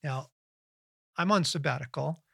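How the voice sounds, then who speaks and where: Middle-aged guy on a christian podcast, earnest, reflective, gets animated, dry close mic. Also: on the high side, a little slow, vocal fry, dry recording. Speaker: podcast host and Christian author. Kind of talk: casual conversational teaching.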